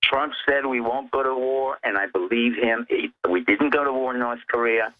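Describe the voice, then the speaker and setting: A man phones in as a guest, his medium-pitched voice moving at a moderate pace over a tinny line. He lectures emphatically about politics, laying out each point in turn.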